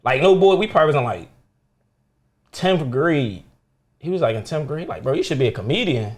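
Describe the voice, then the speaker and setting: A young comedian swaps stories over a meal. His voice sits a bit high for a man, and he talks loosely and profanely. He jumps into other people's voices as he tells each story. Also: expressive, brisk. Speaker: comedian guest. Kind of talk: casual storytelling chat.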